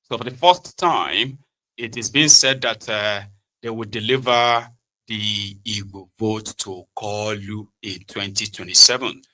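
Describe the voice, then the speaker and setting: A man's voice: on the low side, unhurried, pushed and bright, rough recording. A Nigerian man hosting a political talk show, chatty and sarcastic, often tagging his remarks with "right?". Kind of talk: casual political commentary.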